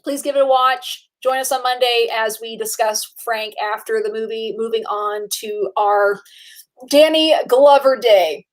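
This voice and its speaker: Chatty, excitable woman with a slightly high voice. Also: measured pace. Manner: chatty and excitable, with frequent fillers and laughs. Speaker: podcast co-host. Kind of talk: casual movie chat.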